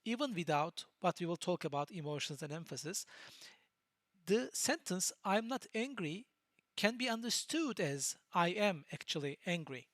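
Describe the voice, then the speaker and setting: Patient lecturer. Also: male voice, high-pitched, expressive, fairly bright tone, no room sound, studio quality. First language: Turkish. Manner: patient, explanatory, pauses to search for words. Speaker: university lecturer. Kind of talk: recorded lecture.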